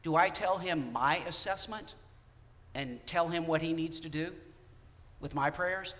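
A man preaching a sermon in a conversational, animated way, with casual asides to the congregation. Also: on the high side, measured pace. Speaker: pastor. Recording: long reverb of a church hall.

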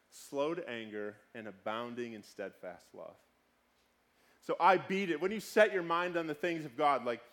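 A male pastor in his thirties preaching a conversational sermon, swinging between sudden loud outbursts and quiet, hushed passages. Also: a little high.

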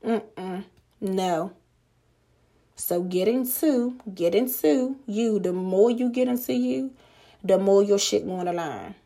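A woman hosting a podcast, giving a blunt, profane motivational monologue with emphatic, drawn-out words. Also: medium pitch, creaky, mellow. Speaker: podcast host.

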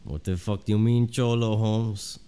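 A man's voice: lowish voice, fairly even intonation, normal speed, mellow, clear, resonant tone, natural voice. A man doing a drawling street tough guy with a put-on Mexican accent. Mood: taunting. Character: tough-talking street guy who calls everyone homes, adult man.

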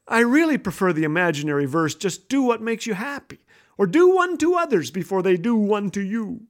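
A man hosting a humorous devotional radio talk, telling jokes and doing animated voices for the people in them. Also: sits high, a little fast. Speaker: radio host.

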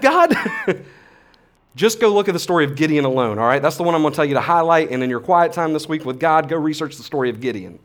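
Pastor, male, 30s, slightly high voice; casual, energetic sermon delivery. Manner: casual, animated preaching with slang and swings from soft to loud.

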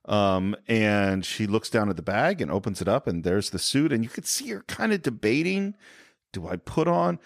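Animated man talking films, dry mic. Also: lowish voice, moderate pace, hardly any pauses, dry recording. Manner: animated, retells scenes with quoted voices. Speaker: podcast host. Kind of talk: casual film discussion.

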